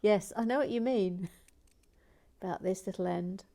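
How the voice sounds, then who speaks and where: A middle-aged woman chatting wryly as she builds and reads out viewer comments, often dropping into soft, half-whispered muttering. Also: mid-range voice, moderate pace. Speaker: LEGO building channel host.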